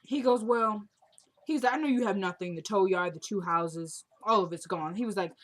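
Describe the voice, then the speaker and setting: Young woman, casual episode recap, chatty, quotes characters, mid-pitched voice. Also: fairly quick, a bit bright. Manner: chatty, retells scenes quoting characters.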